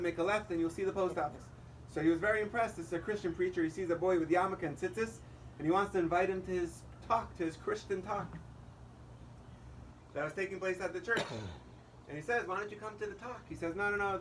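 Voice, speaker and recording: A rabbi with a high voice delivers a holiday sermon, spinning joke stories and voicing each character's lines. He is picked up from some distance, with a faint murmur of the room around him. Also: slight background noise. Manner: storytelling, quoting characters in dialogue.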